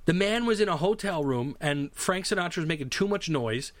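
A man's voice: on the high side, lively intonation, a little fast, dry recording. A man co-hosting a casual chat, joking and rambling through stories with many restarts.

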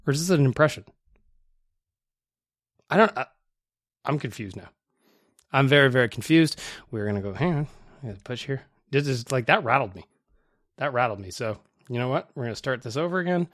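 A man hosts a casual sports podcast in an easygoing, self-mocking manner. He chats freely and is easily amused. His voice is mid-pitched, recorded close and dry. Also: animated, brisk, long pauses, no echo. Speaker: podcast host.

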